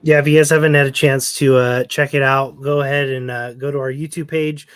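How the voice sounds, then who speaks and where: A man's voice: mid-range voice, little pitch movement, brisk, clear, resonant tone, dry recording, studio quality. A man co-hosting a podcast, steadily plugging upcoming episodes and thanking listeners. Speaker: podcast co-host. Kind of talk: casual podcast sign-off plug.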